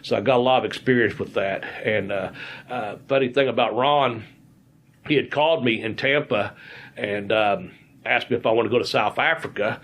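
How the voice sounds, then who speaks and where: Man, podcast host, rambling anecdotes, fillers, middle pitch. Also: fairly bright tone. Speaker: podcast host, former wrestler. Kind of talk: casual storytelling chat.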